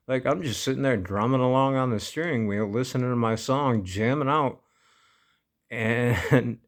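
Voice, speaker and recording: A man casually telling a personal story, laid-back and amused, often breaking into laughter. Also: medium pitch. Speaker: vlogger.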